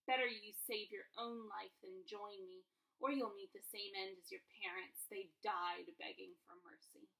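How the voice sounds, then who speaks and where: A woman's voice: mid-range voice, fairly even intonation, unhurried, vocal fry, few pauses, pushed and bright, far from the mic, low-quality recording. A woman voicing Voldemort, hissing and cruel. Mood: snarling. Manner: whispered, hissing, menacing. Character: hissing evil dark lord, male, cruel.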